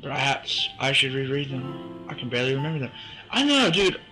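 A young man in his teens giving goofy, excitable let's play commentary, humming along to the game music. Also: mid-range voice, a little fast, poor audio. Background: faint game music.

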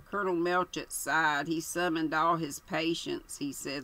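An older woman reading a mystery novel aloud in a plain, steady narrating voice. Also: sits low, moderate pace, hardly any pauses, low-quality recording. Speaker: audiobook reader.

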